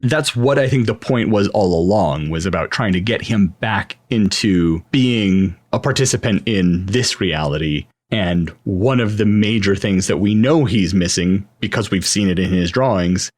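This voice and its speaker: A man co-hosting a casual podcast, playful and quick to laugh, reading the show's outro. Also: lowish voice, a little mellow. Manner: playful, laughs easily, reads show outro. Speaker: podcast co-host. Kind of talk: casual chat.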